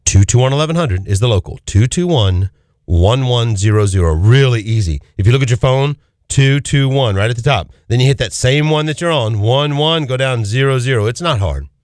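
A man hosting a call-in radio show, preaching with fervent, rapid-fire rhetorical questions from a studio. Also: medium pitch, lively intonation, darkish tone, dry recording. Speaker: radio talk show host.

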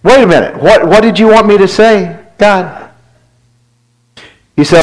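Male pastor, high voice, sermon storytelling, confessional and self-deprecating, voices his talks with God. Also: measured pace, low-quality recording. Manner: storytelling, acts out dialogue with God.

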